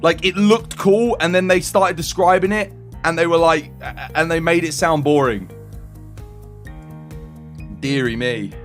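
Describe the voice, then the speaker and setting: British guy streamer, young, higher voice, excitable banter, faint music behind. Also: a little slow, pauses often. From United Kingdom. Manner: animated, laughing, exasperated banter. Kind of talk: casual live-stream chat.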